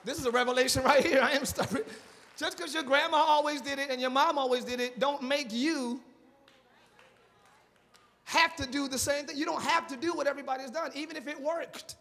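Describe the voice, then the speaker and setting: A male pastor preaching a live sermon, animated and repetitive, asking the congregation for responses and dropping into casual slang. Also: very high-pitched, fairly quick. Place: church sanctuary. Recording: long reverb of a large church.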